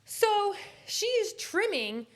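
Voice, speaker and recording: A woman co-hosting a podcast, telling a story in casual chat and acting out the quotes with big jumps in her voice. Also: takes it slowly. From Florida. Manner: animated, acts out quotes with big pitch jumps. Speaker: podcast co-host.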